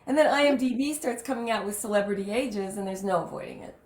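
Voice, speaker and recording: Casting note: woman podcast host, emphatic storyteller, mid pitch, roomy echo. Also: quick pace. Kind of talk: casual chat.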